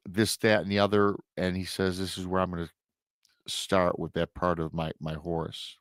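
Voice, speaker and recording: Low-pitched and showing little pitch movement, a man at a moderate pace dramatically recounts a listener's emailed story for his podcast, offering emotional asides along the way. The recording is dry and studio quality.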